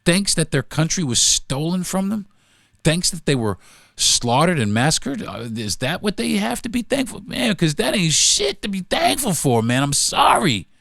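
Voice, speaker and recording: A man's voice: a little high, sing-song, normal speed, creaky, fairly bright tone, no room sound, clean studio sound. A man hosting a solo podcast, talking in an emphatic, repetitive, profane rant. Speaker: podcast host.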